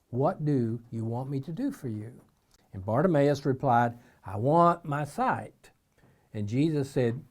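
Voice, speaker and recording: A man from eastern Kentucky with an Eastern Kentucky accent, giving an informal devotional talk in a folksy storytelling way. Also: mid-range voice. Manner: folksy storytelling, acts out shouted voices in quotes. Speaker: missionary preacher.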